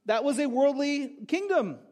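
High-voiced pastor preaching conversationally. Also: male voice, animated, normal speed, a little mellow. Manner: conversational, asks rhetorical questions, jokes with the congregation. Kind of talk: sermon.

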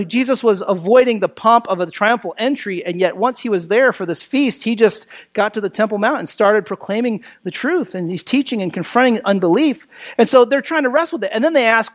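High-voiced pastor preaching conversationally. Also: male voice. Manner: conversational, asks rhetorical questions; frequent fillers like "you know" and "right". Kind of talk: expository sermon.

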